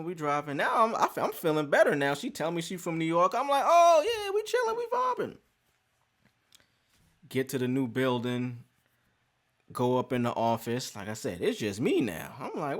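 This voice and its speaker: A man casually telling a personal story, animated and profane, acting out conversations. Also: fairly high pitch. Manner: animated, profane, acts out dialogue.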